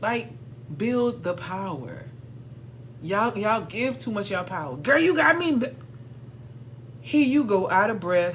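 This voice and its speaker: A woman's voice: mid-range voice, slight background noise. A woman coach giving a casual motivational training talk, emphatic and slangy, calling her listeners "y'all" and "baby". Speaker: leadership coach for women.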